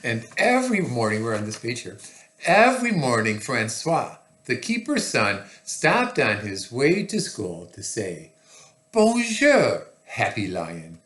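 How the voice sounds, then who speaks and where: A man reading a picture book aloud to children, slow and expressive with chatty asides. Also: medium pitch, roomy sound.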